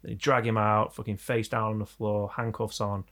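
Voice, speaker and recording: A young English man hosting a casual chat, telling stories in an animated, sweary way. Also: lowish voice, moderate pace. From England.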